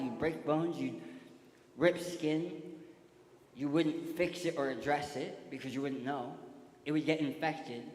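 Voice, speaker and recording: A fairly high-voiced man preaches an animated sermon, drawing the crowd in with questions and stories. His voice rings through a big church hall with a long, roomy reverb. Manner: animated, shouts cues to a volunteer. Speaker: guest preacher. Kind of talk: sermon with audience participation.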